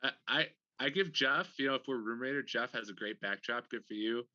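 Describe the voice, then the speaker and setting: A man's voice: mid-range voice, brisk, sharp tone, dry recording, highs cut off. A man hosting a casual podcast over a video call, teasing his guests and laughing often. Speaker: podcast host. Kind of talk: casual chat. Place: home room, remote video call.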